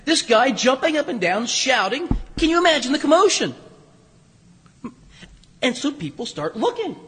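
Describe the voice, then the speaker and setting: Bright-voiced pastor preaching in a reverberant church. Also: male voice, extremely high pitch, sing-song, moderate pace, husky. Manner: conversational storytelling with humor and restarts. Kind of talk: sermon. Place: church sanctuary.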